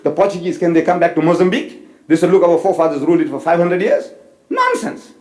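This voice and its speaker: A man giving a religious lecture, retelling a debate with lively storytelling and acted-out dialogue. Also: sits high, quick pace. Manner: storytelling, animated, mimics dialogue. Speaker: Islamic preacher. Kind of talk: recorded lecture with retold debate. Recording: echoey hall recording.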